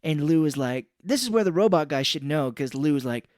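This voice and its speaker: A man's voice: on the high side, lively intonation, brisk, darkish tone, no room sound, clean studio sound. A man co-hosting a podcast, casually retelling a movie plot in a rambling way and swearing offhand. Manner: rambling storyteller who acts out characters and swears casually. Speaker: podcast co-host.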